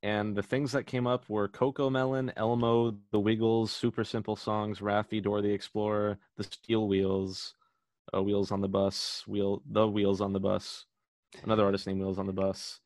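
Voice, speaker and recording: A man's voice: fairly low pitch, flat delivery, normal speed, darkish tone, dry recording, studio quality. A young man co-hosting a podcast, rambling and joking in casual chat and swearing now and then. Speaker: podcast co-host.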